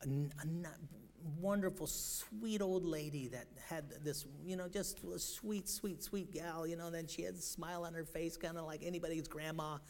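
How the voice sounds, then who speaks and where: A man preaching a sermon in a rambling way, with many fillers and restarts, swinging from loud emphatic bursts to quiet storytelling. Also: a little high, fairly even intonation, moderate pace, gravelly. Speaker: pastor.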